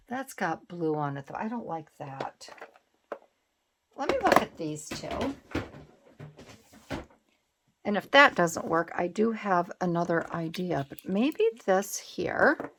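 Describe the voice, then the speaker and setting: A woman's voice: mid-range voice, creaky, fairly bright tone, slight background noise. A woman talking through her art journal crafting in a casual, thinking-aloud way, musing and changing her mind as she goes. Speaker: craft channel host. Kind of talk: casual craft tutorial narration.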